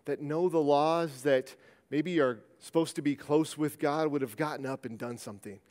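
Long hall reverb surrounds this sermon in a church sanctuary. The pastor's voice sits on the high side and sounds a little mellow as he talks at an ordinary speed, frequently starting over and repeating words in a conversational way.

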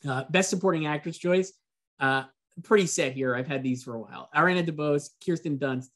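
A man with a fairly high voice talks through awards predictions in an easygoing, wry way. He builds his case in relaxed conversational turns. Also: brisk. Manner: easygoing and wry, lays out arguments. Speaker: awards pundit. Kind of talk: casual panel discussion.

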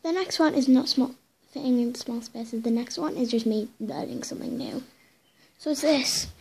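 A woman's voice: a little high, moderate pace, a little mellow, slight background noise. A woman vlogging in a casual, playful and self-mocking way. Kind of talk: casual vlog chat.

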